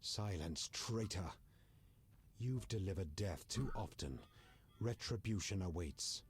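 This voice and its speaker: A man's voice: sits low, lively intonation, slow pace, slight background noise. An actor voicing a fanatical male elf commander in a video game, threatening in a cold, declamatory way. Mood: menacing. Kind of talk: game voice acting.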